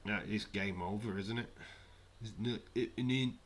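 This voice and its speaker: A man giving jokey, casual commentary on a live watch-along stream from his flat. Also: fairly low pitch, normal speed, a little hiss or hum. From United Kingdom. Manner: jokey, banters with chat. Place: home, in a flat.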